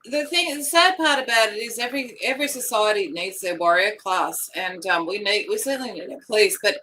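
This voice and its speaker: A woman's voice: medium pitch, a little fast, bright, forceful tone, slight background noise, poor audio. A woman co-hosting a live news stream, talking casually in loose, rambling sentences with lots of fillers.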